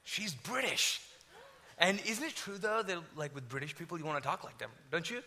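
A male pastor with a high voice and a strikingly bright, forceful tone. He preaches with lively, self-mocking humor and animated storytelling. He also leads his congregation in prayer. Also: moderate pace. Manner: energetic, joking, self-deprecating. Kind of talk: sermon and prayer.

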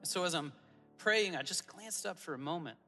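A man preaching as a pastor, telling personal stories in an earnest way with soft asides. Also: a little high, animated, normal speed, big-room sound, faint music behind. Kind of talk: sermon. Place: church auditorium.

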